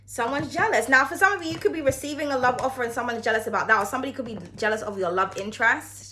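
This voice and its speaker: A woman's voice: fairly high pitch, racing, bright, forceful tone, slight background noise. A woman giving a casual tarot reading to camera, chatty and frank, cursing freely and calling the viewer darling. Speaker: tarot card reader.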